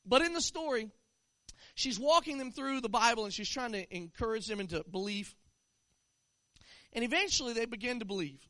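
A man preaching a sermon in an animated way, sometimes rising into shouts. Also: very high voice, normal speed, long pauses, dry recording.

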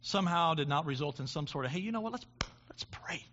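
A man preaching a sermon in a fairly high voice. He talks in halting restarts and builds to impassioned peaks. The recording sounds dull and lo-fi. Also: expressive, fairly bright tone. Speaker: pastor.

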